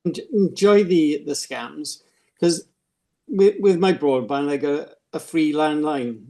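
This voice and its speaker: An older man telling anecdotes in casual chat, halting and repeating words. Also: fairly high pitch, creaky, warm tone. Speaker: regular of the group chat. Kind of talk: casual chat among friends.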